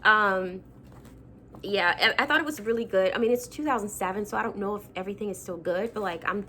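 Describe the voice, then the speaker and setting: A woman's voice: mid-range voice, a little fast, pushed and bright, a little hiss or hum. A young woman vlogging casually about her childhood books, chatty and self-mocking with lots of fillers. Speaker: book vlogger. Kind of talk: casual chat.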